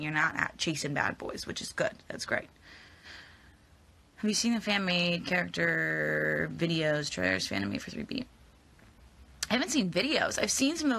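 Bright, gravelly young woman chatting. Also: lowish voice. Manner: chatty, giggly, rambling with fillers. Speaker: actress answering fan questions. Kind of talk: casual live Q&A chat.

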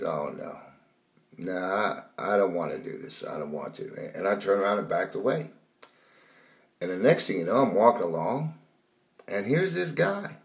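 A man tells a dream as a rambling testimony, repeating words and raising his voice for retold shouts. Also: lowish voice. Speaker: preacher telling a dream. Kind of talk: storytelling testimony.

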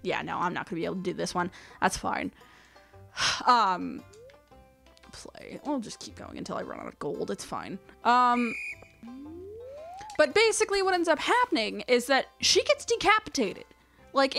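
A woman hosting a let's-play, chatting casually as she plays. She rambles and gushes, packing her talk with "like," in a voice pitched a little high. Soft game music plays quietly underneath. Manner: gushing, rambling storyteller with lots of "like". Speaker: let's-play gamer host.

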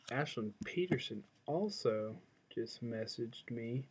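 A man's voice: medium pitch, takes it slowly, creaky, long pauses, heavy background noise. A young man chatting casually to his webcam at home at his computer, rambling and mumbling with lots of fillers. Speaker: video blogger.

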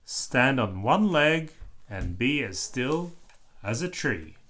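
A man's voice: mid-range voice, big pitch swings, slow pace, fairly bright tone, exaggerated voice. A man doing a soothing rabbit yoga teacher. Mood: calm. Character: calm female rabbit yoga instructor. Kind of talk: read-aloud storybook voice.

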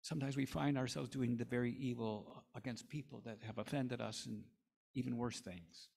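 A man's voice: mid-range voice, steady tone, moderate pace, creaky, darkish tone, husky. A man preaching a sermon in an earnest, storytelling manner. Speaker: pastor.

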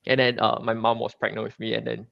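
A man from Singapore chats as a guest comic creator, chatty and loose, full of fillers and restarts. His voice sits at an ordinary pitch. The call audio is dry and dull, with a lo-fi sound. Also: monotone, quick pace, vocal fry, dry recording. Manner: chatty, many fillers and restarts, laughs often. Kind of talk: casual interview chat.

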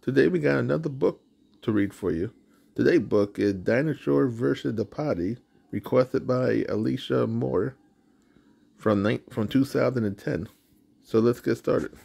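A man's voice: medium pitch, unhurried, gravelly, darkish tone, husky. A man hosting his channel, reading a picture book aloud with roaring sound effects. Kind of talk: storybook read-aloud.

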